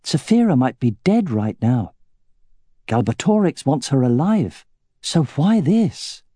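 A man's voice: medium pitch, very animated, takes it slowly, warm tone, breathy edge, dry recording, voice pushed up, exaggerated voice. A man voicing an anxious young male dragon rider who speaks in urgent questions. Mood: troubled.

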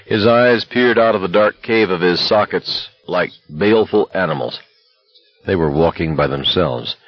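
A man reading a novel aloud as an audiobook narrator, in a steady, even manner. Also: low voice, moderate pace, no room sound, lo-fi sound, soft background music.

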